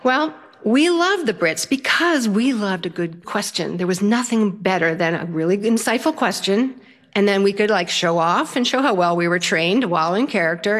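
An older woman telling a personal story in an animated way, often laughing as she talks. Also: medium pitch.

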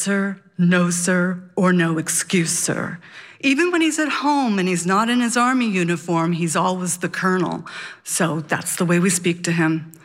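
A woman telling a personal story live on stage, vivid and animated. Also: medium pitch. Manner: vivid, animated, childlike wonder.

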